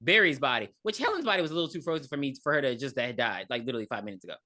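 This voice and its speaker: A woman co-hosting a podcast, casually retelling a movie's plot in a blunt, animated way with cursing. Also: a bass voice, rapid-fire. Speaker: podcast co-host. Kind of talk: casual chat recapping a movie.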